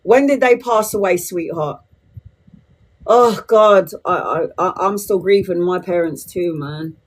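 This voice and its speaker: A woman's voice: on the low side, unhurried. A woman, chatting bluntly and swearing freely with viewers as a tarot reader on a livestream. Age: 40s. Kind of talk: casual livestream chat to viewers.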